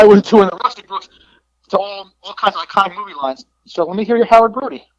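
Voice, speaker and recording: Man, middle-aged, high voice, animated storyteller, dull lo-fi dry audio. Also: quick pace, dry recording. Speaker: wrestling promoter guest. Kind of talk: casual storytelling.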